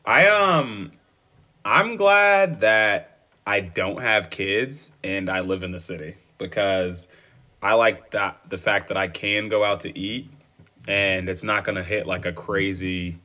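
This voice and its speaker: Bright-voiced young man, upbeat chat. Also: lowish voice, slow pace. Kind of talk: casual chat.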